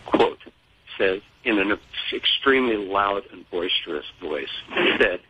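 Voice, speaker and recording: An older man speaking as an interview guest, in a measured, deliberate way with pauses and fillers. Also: on the low side, bright, forceful tone, breathy edge, low-quality recording. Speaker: guest, father of a fallen serviceman.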